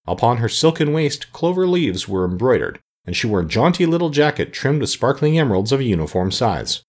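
A man narrating a storybook as an audiobook, reading in a lively, expressive way. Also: deep voice, breathy edge.

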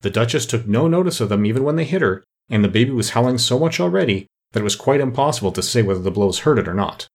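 A man narrating an audiobook with an expressive, varied delivery. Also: medium pitch, quick pace, few pauses.

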